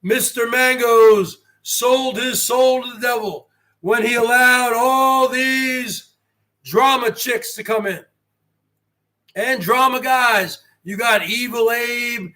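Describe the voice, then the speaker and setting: A brash man in his forties, hosting a livestream rant, who swears and swings from a quiet voice to a shout. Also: very high voice, steady tone, takes it slowly. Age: 40s. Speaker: host.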